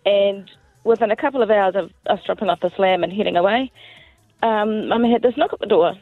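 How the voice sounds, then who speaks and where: A woman's voice: medium pitch, brisk, no room sound. A New Zealand woman calls into a radio show and tells her story cheerfully. Her voice comes through a tinny, dry phone line. Faint music sits underneath. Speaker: caller.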